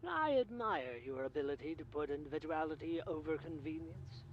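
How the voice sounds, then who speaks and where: A wry phone helper, dry humor, fairly high voice, muffled game audio. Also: male voice, animated, fairly quick, a little hiss or hum. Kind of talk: video game voice acting.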